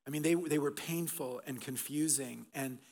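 A middle-aged man preaching an Easter sermon as pastor, swinging between loud emphatic bursts and soft, hushed passages. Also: a little high, normal speed. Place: church auditorium. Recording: long reverb of a large hall.

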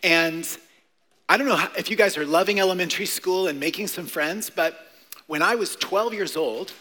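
A man in his forties, a pastor preaching a playful, animated sermon to a church congregation. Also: high voice, normal speed. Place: church sanctuary. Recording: long hall reverb.

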